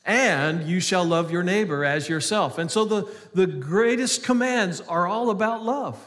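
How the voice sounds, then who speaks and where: A man's voice: high voice, expressive, a little slow, a bit bright, long reverb tail. A male pastor giving an earnest sermon, reading scripture aloud between hesitant, restarting remarks.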